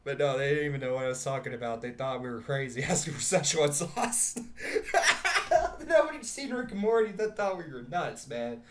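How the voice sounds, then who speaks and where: A man's voice: on the high side, very animated, moderate pace, very noisy. A man hosting a podcast in casual, rambling chat, laughing often and swearing casually. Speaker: podcast host.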